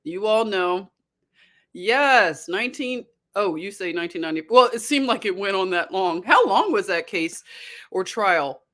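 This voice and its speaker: A woman hosting a casual livestream, chatty and excitable, greeting viewers and reacting to their comments. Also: medium pitch, unhurried. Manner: chatty and excitable, often laughing. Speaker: livestream host.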